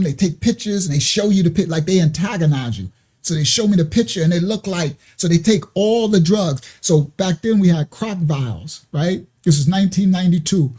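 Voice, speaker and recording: A middle-aged man hosts a ministry talk show, speaking in a slightly raised, warm-toned voice with a husky edge. He tells his story in an emotional, rambling way, correcting himself on details as he goes. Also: sits high. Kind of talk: casual personal storytelling.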